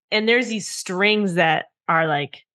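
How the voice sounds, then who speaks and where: A woman's voice: medium pitch, extremely slow, a bit bright. A young adult woman co-hosting a podcast, telling a story in a casual chat, acting out quotes and swearing freely. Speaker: podcast co-host.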